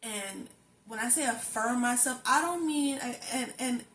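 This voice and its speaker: Speaking a little slowly in a fairly bright voice on the high side, a young woman vlogs about herself in an earnest, self-affirming way. This lifestyle vlogger repeats phrases for emphasis, and the echoey room carries faint background noise.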